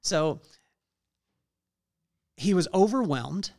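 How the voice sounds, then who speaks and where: A middle-aged man hosting his podcast, telling an unscripted motivational story in an earnest way, halting often with fillers. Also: sits high, expressive, gravelly, darkish tone. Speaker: podcast host.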